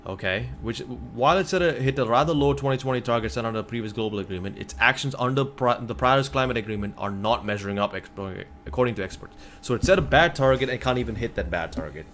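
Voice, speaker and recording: A man from North America streaming at his computer, reading a news article aloud and reacting in a casual, exasperated way, sometimes breaking into loud remarks. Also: mid-range voice, fast, hardly any pauses, slight background noise. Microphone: computer desk mic.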